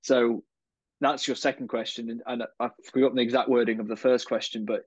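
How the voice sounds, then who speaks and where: A man's voice: mid-range voice, flat delivery, fairly quick, husky, dry recording. A man speaking as a coaching guest on a podcast, thoughtful, often repeating words as he finds his phrasing. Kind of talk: conversational podcast interview. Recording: dull, slightly lo-fi dry sound.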